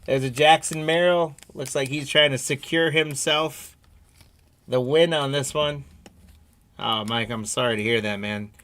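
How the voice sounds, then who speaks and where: A man hosting a live-streamed trading card break, calmly reading out each card and chatting with viewers by name. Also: medium pitch. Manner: unhurried, reads card names off one by one, friendly asides to viewers.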